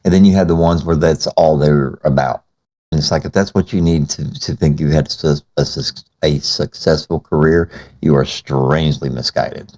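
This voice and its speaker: A man's voice: a bass voice, steady tone, normal speed, darkish tone. A man co-hosting a podcast interview, rambling and emphatic, full of fillers. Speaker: podcast co-host.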